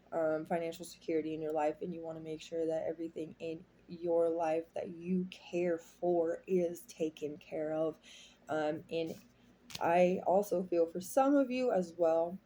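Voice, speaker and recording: A woman's voice: on the low side, dark tone, a little hiss or hum. A woman giving a tarot reading to her viewers, talking in a rambling, heartfelt, confiding way. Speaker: tarot reader. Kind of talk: casual tarot reading monologue.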